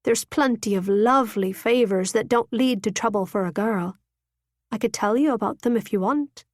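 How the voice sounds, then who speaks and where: A woman voicing a frank, tender young working woman who speaks in a sleepy, husky, breathy voice. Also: a little high, moderate pace, dry recording, studio quality, natural voice.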